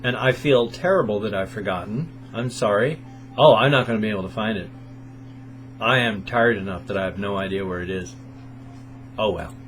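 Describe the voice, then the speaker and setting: A man in his fifties with a sore throat, chatting casually at home in a morning vlog and telling stories with animated sound effects. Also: fairly low pitch, normal speed, soft background music. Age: 50s. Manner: animated storyteller who makes sound effects. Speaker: video blogger.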